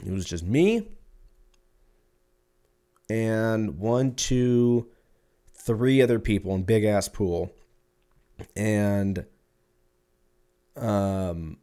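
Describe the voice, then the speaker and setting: A man with a lowish, slightly mellow voice hosts a podcast and spins a rambling, casual tale full of profanity. He acts out what other people said in the anecdote.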